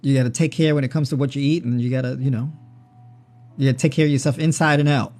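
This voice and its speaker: Male livestream host, mid-pitched, chatty and joking, keeps asking "right?"; faint music under him. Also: steady tone, fast, darkish tone. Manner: joking, conversational, tags with "right?" and "you know". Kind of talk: casual livestream chat on diet. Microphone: personal mic.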